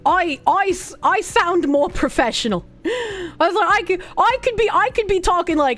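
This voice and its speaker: A woman's voice: extremely high pitch, lively intonation, normal speed, few pauses, a bit bright. A young woman with a Boston accent, streaming and reacting to videos with crude, sarcastic, rambling commentary.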